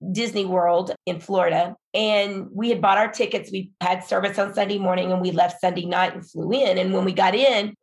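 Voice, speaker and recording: A woman's voice: mid-range voice, creaky. A middle-aged woman, a pastor's wife, telling her story in an earnest, emphatic, encouraging way on a faith podcast. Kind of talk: faith-based podcast conversation.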